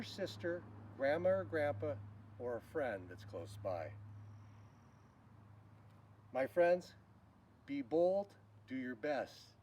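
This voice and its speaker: A man leading a children's Bible school, teaching a game slowly and leading shouted call-and-response lines. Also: fairly high pitch. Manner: slow, animated, leads shouted call-and-response. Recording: distant mic with faint noise.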